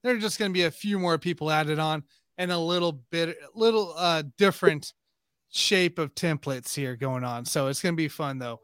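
A man hosts a casual sports chat, keeping it moving and reassuring his co-host. His voice sits a bit high and sounds bright and sharp, recorded very dry. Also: normal speed, clear, resonant tone, no room sound. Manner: reassuring, steering the talk. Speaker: show host.

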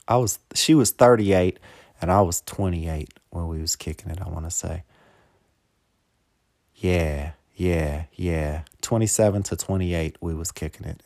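A rambling man talking through a casual podcast monologue in a somewhat low voice, swearing freely and dropping "man" into every sentence. He turns heartfelt and choked up at times. The sound is dry and close, with no room echo. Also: darkish tone. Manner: profane, peppers every phrase with "man". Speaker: podcast host.

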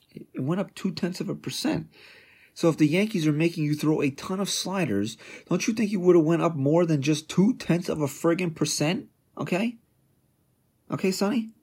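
Man, sports podcast host, fairly high voice, combative and sarcastic in his opinion rant. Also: darkish tone, breathy edge. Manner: combative and sarcastic, jabbing questions.

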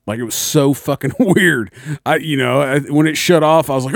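A man's voice: on the high side, moderate pace, dry recording, studio quality. A young man, a little tipsy, telling a long profane story in casual chat. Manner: rambling, profane storyteller, acts out voices. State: slightly tipsy.

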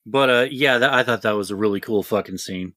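A man's voice: fairly quick, sharp tone, no echo. A man co-hosting a casual podcast, swearing freely and riffing loosely. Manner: profane, mimics characters in exaggerated high voices. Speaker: podcast co-host.

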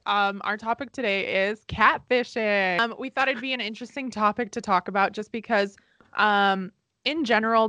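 A woman's voice: mid-range voice, a bit bright, no echo. A young woman co-hosting a podcast in casual chat, laid-back and giggly, swearing casually. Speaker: podcast co-host.

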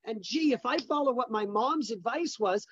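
A man's voice: very high-pitched, animated, normal speed, breathy edge, no room sound, lo-fi sound. A middle-aged man, a business founder, telling personal stories as an interview guest, stressing points by repeating words.

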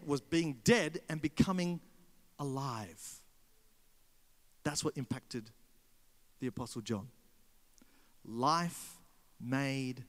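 An Australian man preaching a sermon, telling animated stories and calling out to the congregation. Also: high voice, big-room sound. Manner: animated storyteller, addresses congregation. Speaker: pastor.

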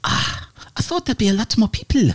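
A man voicing a flustered human woman in her thirties, talking fast and high. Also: animated, no echo. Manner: fast, high, breathless put-on voice.

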